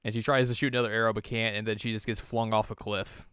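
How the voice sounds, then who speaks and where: A man's voice: lowish voice, little pitch movement, fairly bright tone, clear, resonant tone, no room sound, studio quality. A man co-hosting a podcast, chatting casually through an anime episode recap and slipping into silly character voices. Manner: chatty retelling of scenes in quick silly character voices, laughs often. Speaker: podcast co-host.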